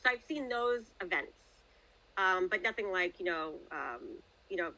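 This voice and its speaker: Middle-aged woman guest author, casual and hesitant, bright voice. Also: on the low side, expressive, unhurried, dull audio. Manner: chatty, hesitant, many fillers. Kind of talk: casual podcast interview.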